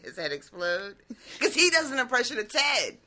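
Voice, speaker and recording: A podcast co-host chatting casually about a show, expressive, laughing a lot and swearing freely. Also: mid-range voice, moderate pace. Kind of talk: casual recap chat.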